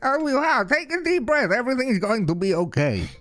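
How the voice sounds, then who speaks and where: A man's voice: very high voice, very animated, fairly quick, fairly bright tone, faint music behind, pitched above the performer's own voice, heavily acted. A man playing a polite, flustered old man in a role-play game, stammering and apologizing.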